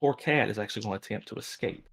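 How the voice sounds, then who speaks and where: A man narrating a tabletop roleplaying game as game master, telling the scene in a relaxed way with frequent restarts. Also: on the low side, racing, vocal fry, husky.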